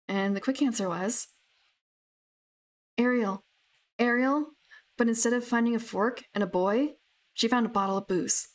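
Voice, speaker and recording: With a slightly high voice, a young woman rambles casually about her tabletop characters, full of fillers and restarts. She keeps a measured pace and takes long pauses.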